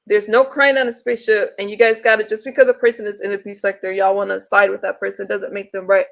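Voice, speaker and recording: A woman's voice: medium pitch, little pitch movement, quick pace, creaky. A woman hosting a livestream, ranting bluntly and with profanity while greeting viewers in the chat. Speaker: livestream host. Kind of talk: casual livestream rant.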